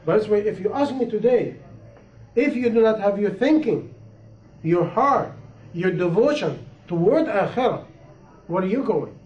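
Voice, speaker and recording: Man preaching, high voice, impassioned, repeats for emphasis, dull lo-fi recording. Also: lively intonation, unhurried, long pauses. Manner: impassioned, repetitive, rising and falling emphasis. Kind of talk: sermon. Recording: echoey room, dull lo-fi sound.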